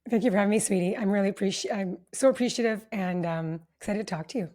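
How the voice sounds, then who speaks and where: A woman's voice: medium pitch, fast talker, a little mellow. A woman speaking as a guest on a podcast, effusive and grateful, often using fillers as she talks. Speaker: guest, founder of a relationship summit. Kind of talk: casual podcast interview.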